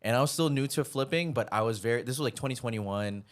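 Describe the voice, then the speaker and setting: A man's voice: medium pitch, quick pace. A man from Hawaii hosting a casual interview, laid-back and slangy, often calling people dude. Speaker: host.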